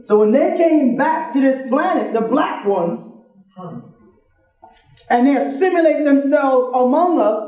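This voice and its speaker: A man giving a joking sermon-style lecture to a congregation, acting out little scenes and laughing often, heard on an old archive recording. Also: sits high. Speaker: religious lecturer. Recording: tinny, very echoey archive recording.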